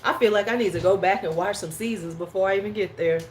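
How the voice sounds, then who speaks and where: A woman's voice: mid-range voice, quick pace, darkish tone, a little hiss or hum. A woman hosting a casual livestream chat at home, rambling and slangy. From United States. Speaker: host.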